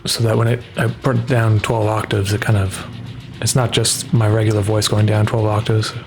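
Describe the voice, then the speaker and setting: A man casually talking through his drawing on a livestream, rambling and relaxed, with lots of "like" fillers. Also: on the low side, normal speed. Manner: rambling, relaxed, heavy use of "like". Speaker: artist streaming his work. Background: faint background music.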